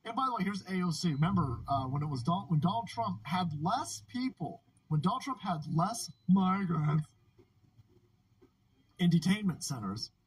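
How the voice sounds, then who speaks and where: A man's voice: high-pitched, sing-song, normal speed, slightly rough, low-quality recording. Profane ranting man on a livestream. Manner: profane, ranting, laughs often. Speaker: livestream host. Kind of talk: casual political commentary stream.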